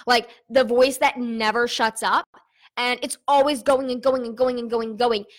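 Chatty high-voiced young woman vlogging. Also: steady tone, normal speed. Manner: candid and chatty, with many fillers. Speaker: online business owner. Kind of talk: casual vlog talk.

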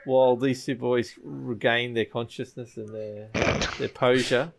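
A man hosting a casual gaming podcast, talking in a relaxed, rambling way. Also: mid-range voice, unhurried, vocal fry, heavy background noise. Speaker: podcast host.

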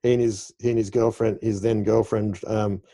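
Mellow low-voiced male interviewer. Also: level tone, moderate pace. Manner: chatty, anecdotal, playful. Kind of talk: interview conversation.

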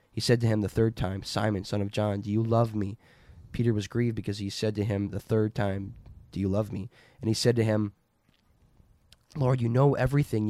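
A man's voice: fairly low pitch, warm tone, no echo. A man reading Scripture aloud and then explaining it in an earnest, conversational way. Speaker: Bible teacher. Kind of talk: casual Bible reading and discussion. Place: lives in North Dakota.

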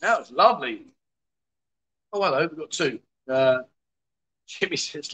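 A man's voice: a little high, animated, unhurried, bright, forceful tone, slightly rough, rough recording. A man hosting a casual livestream, reading out viewer comments with jokey, exasperated asides. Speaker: livestream host.

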